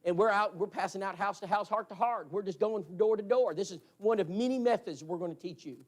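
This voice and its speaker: With a high voice and a fast pace, a man delivers a storytelling sermon in a church hall, performing the voices of the people who appear in his stories.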